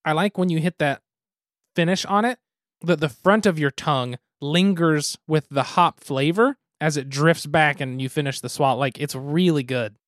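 A man's voice: a little high, moderate pace, fairly bright tone, no room sound, clean studio sound. A man hosting a casual podcast, easygoing and methodical as he reviews. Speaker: podcast host. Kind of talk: casual podcast chat, beer and game review.

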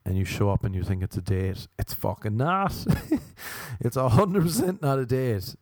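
A man's voice: medium pitch, very animated, a little slow, a little mellow, no echo, clean studio sound. An Irish man, a comedian, telling profane stories in casual chat, laughing and acting out other people's lines. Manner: profane, laughing, acts out quoted voices. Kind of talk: casual comic storytelling.

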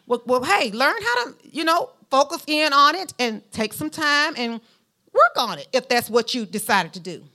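A woman with a Southern Alabama drawl preaching a sermon, folksy and emphatic, talking straight to her congregation. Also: moderate pace. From Mount Vernon, Alabama, US. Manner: animated preaching with a lively pitch, rising to emphatic peaks; folksy, speaks directly to the congregation.

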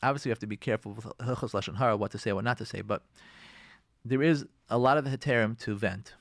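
A man hosting a radio show, giving marriage advice in an animated way and acting out arguing spouses. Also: on the low side, quick pace, vocal fry, no echo, studio quality. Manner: lively, acts out quoted spouses in raised voice.

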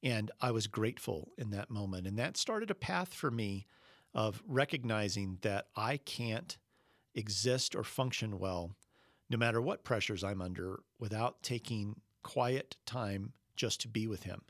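A man's voice: lowish voice, animated, a bit bright, no echo. Earnest middle-aged man preaching, dry sound. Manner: earnest storytelling, slows down for quoted words of Jesus. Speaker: pastor. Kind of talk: sermon with personal story.

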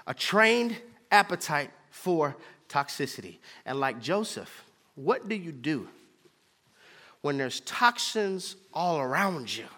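A man's voice: on the high side, sharp tone, long reverb tail. A man preaching a sermon as pastor, driving his points home with repetition and call-and-response.

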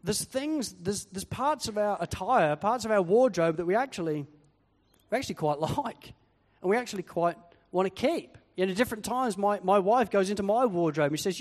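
A pastor with a fairly high voice preaches a sermon at normal speed, animated and acting out quoted voices. The audio has the long echo of a hall.

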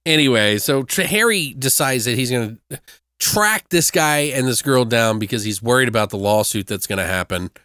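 A man recapping a movie in casual chat, animated and swearing, laughing as he goes. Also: medium pitch, moderate pace, smooth, no room sound, clean studio sound. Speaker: podcast co-host.

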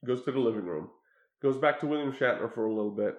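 A man's voice: mid-range voice, lively intonation, fast talker, lo-fi sound. A man recapping a film plot in casual chat, laughing often and stumbling through restarts. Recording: echoey room.

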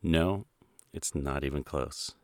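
A man's voice: extremely low pitch, takes it slowly, dry recording, studio quality. A man narrating a video essay with wry, sardonic asides. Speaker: commentator.

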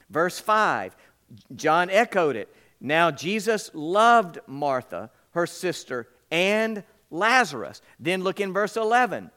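A male pastor preaches a sermon at an unhurried pace, in a fairly high voice. He hammers his points home with repetition and emphasis. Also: big pitch swings, bright, forceful tone.

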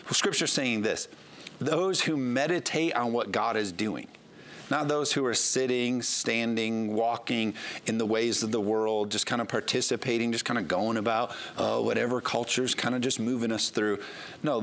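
A man's voice: medium pitch, measured pace, fairly bright tone. Pastor guy preaching, earnest and chatty, reads scripture out as he goes. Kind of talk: sermon.

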